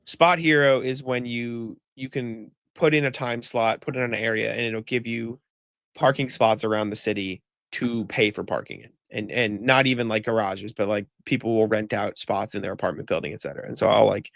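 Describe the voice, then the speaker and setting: Casual podcast co-host, a man with a gravelly, fry-heavy voice, venting through a long story. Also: mid-range voice, fast talker, dry recording. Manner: rambling storytelling with many "like" fillers and swearing; exasperated ranting. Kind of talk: casual chat.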